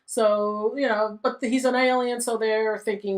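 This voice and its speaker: A woman's voice: on the high side, steady tone, measured pace. A woman hosting a gaming channel, giving casual let's-play commentary in a chatty, exasperated way and often laughing.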